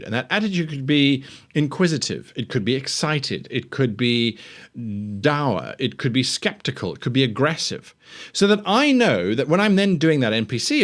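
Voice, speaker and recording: Animated man giving game master tips. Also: medium pitch. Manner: chatty, animated, self-deprecating. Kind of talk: casual instructional talk.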